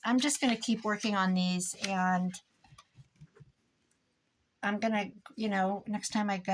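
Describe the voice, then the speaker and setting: A woman's voice: mid-range voice, poor audio. An older woman from Iowa, chatting casually in a rambling, storytelling way while she works on a craft project. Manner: rambling, chatty, trails off into stories. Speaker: crafting vlogger.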